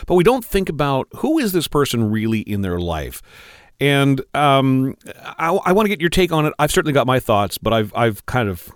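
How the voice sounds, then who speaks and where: Male co-host, animated pitch, dry close mic, upbeat chat. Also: normal speed, no echo. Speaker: podcast co-host. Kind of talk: casual chat.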